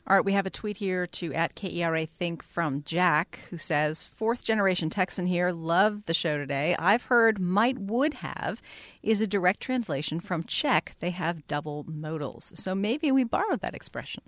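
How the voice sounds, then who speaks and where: A woman hosting a radio call-in show, brisk and friendly as she moves through callers. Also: lowish voice, expressive, a bit bright, dry recording. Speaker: radio host.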